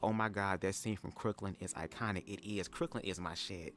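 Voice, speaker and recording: A man's voice: fairly quick, few pauses, soft background music. Sassy, profane man hosting a livestream. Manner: animated, jumps into high-pitched impressions. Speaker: livestream host. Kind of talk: casual livestream reaction chat.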